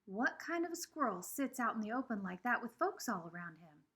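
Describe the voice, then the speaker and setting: A woman voicing a friendly, talkative country boy who is the new kid at school, with a husky voice and an eager country drawl. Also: fairly high pitch, sing-song, brisk, a bit bright, heavily acted. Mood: excited.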